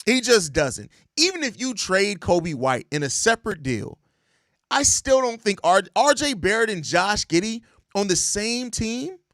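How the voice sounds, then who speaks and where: Young man, high lively voice, exasperated profane rant, dry close sound. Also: unhurried, no room sound. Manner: exasperated, profane, ranting, repeats himself. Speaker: sports podcast host. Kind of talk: heated casual sports commentary.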